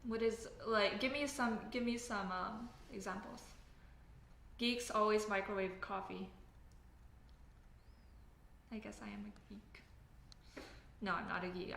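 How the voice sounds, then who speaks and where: Reading chat aloud during a laid-back building livestream, a Canadian woman speaks unhurriedly in a mid-range, fairly even, sharp-toned voice with vocal fry. She pauses often and rambles, correcting herself and using lots of fillers. Faint background noise sits under an echoey room sound.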